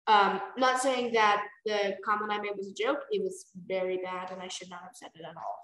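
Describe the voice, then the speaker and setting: A woman's voice: medium pitch, steady tone, a little fast, fairly bright tone, echoey room, rough recording. A woman co-hosting a book podcast, chatting casually in a rambling way with many fillers. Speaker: podcast co-host.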